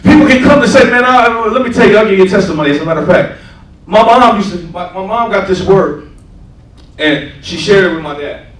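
High-voiced preacher in an echoey church. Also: male voice, animated, a little fast, recorded from a distance. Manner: call-and-response asides, repeats "right?". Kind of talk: sermon with personal testimony. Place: church sanctuary.

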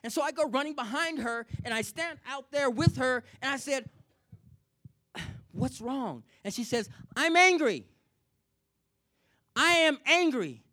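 A man's voice: very high voice, normal speed, a bit bright. A man preaching a sermon, telling his own story and asking the congregation "Amen?" as he repeats key lines. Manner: repetitive, asks the congregation "Amen?"; personal testimony, intense.

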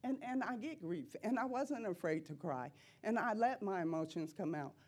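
A woman's voice: medium pitch, lively intonation, normal speed, darkish tone, breathy edge. Impassioned woman preaching testimony. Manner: impassioned, repetitive, rising to cries. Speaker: church member giving testimony.

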